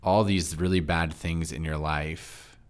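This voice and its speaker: A man who hosts a church podcast, talking fast and chatty in a casual interview, with frequent laughs. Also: low voice, fairly even intonation, clean tone. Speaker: pastor and podcast host.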